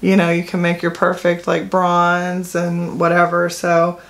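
A woman's voice: lowish voice, monotone, unhurried. A middle-aged woman, chatting casually to camera about her makeup collection, rambling with fillers and self-corrections. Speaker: beauty vlogger. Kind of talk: casual product talk to camera.

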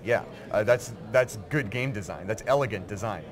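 A man with a low, steady voice explains his craft in eager rushes, as if at a busy convention floor. a loud crush of crowd chatter runs behind him the whole time. he talks in a casual, conversational interview. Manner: eager, quick bursts of explanation. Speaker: game writer guest.

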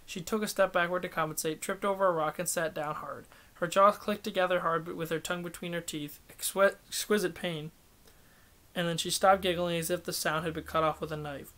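Steady and in no rush, a man reads from a novel for an audiobook, now and then correcting what he just said, in a voice a touch higher than most men's.

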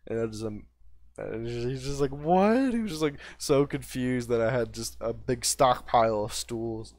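A man streaming a game while high, talking in a loose, rambling way that trails off and restarts mid-thought. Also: fairly even intonation, normal speed. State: high after smoking. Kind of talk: casual rambling stream chat.

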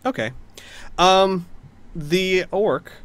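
A man's voice: high voice, very slow, fairly bright tone. Chatty male game master. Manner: casual, chatty, laughs often, many fillers. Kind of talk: narrating a tabletop game.

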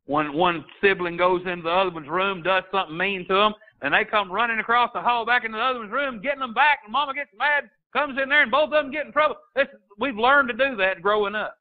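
Preaching a sermon as a pastor, this Texan man speaks quickly with few pauses in a high-pitched voice. His delivery swells into emphatic bursts as he quotes scripture in old-fashioned language, and the recording sounds tinny, like a phone line.

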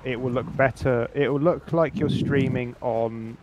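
A young man streaming a medieval battle game with friends, swearing and shouting at the action. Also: mid-range voice, fairly even intonation, measured pace. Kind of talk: casual gaming chat and live reactions. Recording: game noise clearly audible behind.

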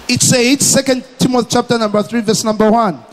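High-voiced guy from malawi preaching real slow, repeats himself a lot, lots of hall echo. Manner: emphatic, repeats phrases, slow deliberate preaching. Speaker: pastor. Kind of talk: sermon.

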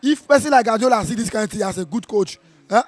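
Excitable Nigerian man, high voice. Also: fast, no echo. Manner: animated, switching into Nigerian Pidgin, playful and boastful. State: strained voice from shouting. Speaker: football fan. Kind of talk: excited match reaction. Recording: outdoor viewing center.

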